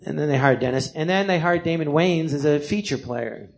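Comedian man, fairly high voice, storytelling live on stage, animated and profane. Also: fairly quick, vocal fry. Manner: animated, acts out other people's voices in quotes; swears freely, self-deprecating. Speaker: comedian telling his life story. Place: theater stage before a live audience.

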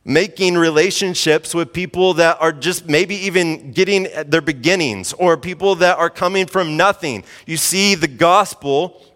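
A man's voice: fairly high pitch, a bit bright. A man in his thirties, a pastor preaching in a casual, conversational way, often saying "like" and repeating himself for emphasis. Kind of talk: sermon. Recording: hall reverb.

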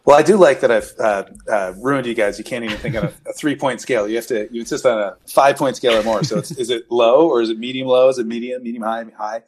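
A man's voice: mid-range voice, steady tone, fast talker, few pauses. Middle-aged male podcast host, explaining. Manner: explains beer tasting in detail, quizzing guests. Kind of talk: casual podcast chat.

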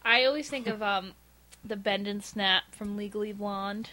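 A woman's voice: mid-range voice, fairly even intonation, moderate pace, bright, forceful tone. A woman chatting as a guest on a casual film commentary.

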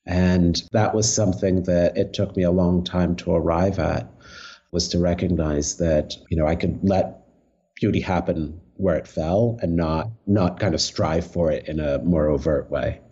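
A man's voice: sits low, fairly even intonation, measured pace, dark tone, breathy edge, lo-fi sound. A man, an artist, answering interview questions thoughtfully, searching for words with frequent restarts. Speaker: guest artist.

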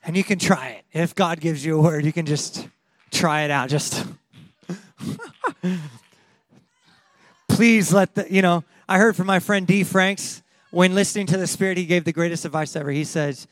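Animated high-voiced man preaching. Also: dry recording. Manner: animated, laughing, acting out quotes. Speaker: pastor. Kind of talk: sermon.

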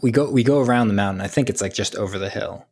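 A man's voice: lowish voice, quick pace, darkish tone, breathy edge. A man co-hosting a casual movie chat, cutting in with dry, pedantic corrections. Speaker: podcast co-host.

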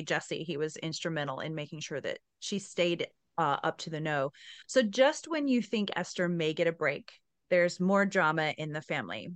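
Woman interviewer, lowish voice, effusive, recaps the plot, dry recording. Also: a bit bright, clean tone, no room sound. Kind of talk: casual book-discussion interview.

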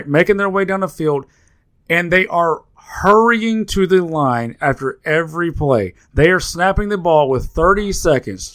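A man's voice: fairly high pitch, a bit bright. A man co-hosting a sports podcast, talking in a heated, profane rant full of restarts. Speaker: podcast co-host. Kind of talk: casual sports betting podcast chat.

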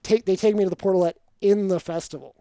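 A man's voice: sits high, quick pace, no echo. A young man casually telling a story on a podcast, acting out quotes with swearing. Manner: animated, acts out quotes with swearing.

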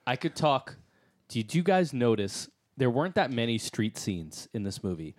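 A man's voice: medium pitch, sing-song, normal speed. A man co-hosting a casual movie podcast, rambling with many fillers. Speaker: podcast co-host. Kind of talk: casual chat.

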